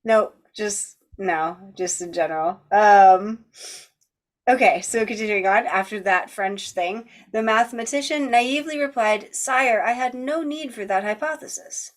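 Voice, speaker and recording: Woman, book club host, reads a philosophy text aloud, mid pitch, steady read with chatty asides. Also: measured pace.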